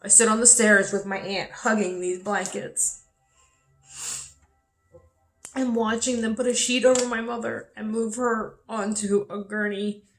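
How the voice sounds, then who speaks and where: A woman's voice: medium pitch, fairly even intonation, moderate pace, faint music behind. A young adult woman vlogging a personal story, candid and swearing freely, her voice rising when she gets upset. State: dry mouth. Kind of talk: personal vlog, emotional storytelling.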